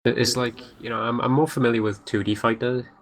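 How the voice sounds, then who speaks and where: A man co-hosting a gaming podcast, talking in a halting way, full of "you know" and restarts. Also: medium pitch, level tone, low-quality recording. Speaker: podcast co-host. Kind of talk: casual gaming chat.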